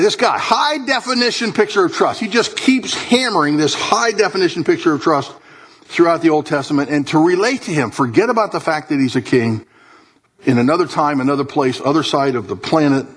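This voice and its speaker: A man preaching a sermon to a congregation in a church hall, his delivery animated, dropping to low murmurs and rising to high emphatic bursts. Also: moderate pace, slightly rough. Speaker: pastor.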